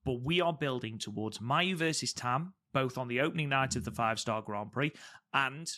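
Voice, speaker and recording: A man's voice: medium pitch, normal speed, pushed and bright. A man co-hosting a podcast, reviewing wrestling matches in casual chat and stressing points by repeating words. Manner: enthusiastic, repeats words for emphasis. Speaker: podcast co-host.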